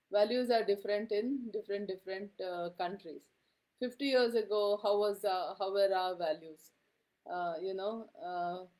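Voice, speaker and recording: A woman's voice: fairly low pitch, mellow. A middle-aged woman giving a classroom lecture, speaking conversationally with many fillers and frequent "okay?" checks to her students.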